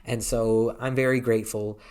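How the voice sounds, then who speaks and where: A man's voice: medium pitch, level tone, normal speed, darkish tone, smooth. Hesitant man in his thirties vlogging. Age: 30s. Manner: hesitant, rambling, many restarts. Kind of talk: casual vlog talk. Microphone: handheld camera.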